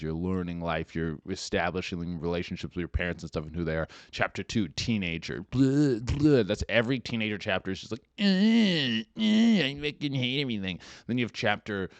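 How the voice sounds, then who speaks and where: A man's voice: deep voice, no echo. A young man hosting a podcast, riffing through a profane, rambling comedic monologue. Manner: profane, rambling and animated, slips into mocking voices. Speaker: podcast host.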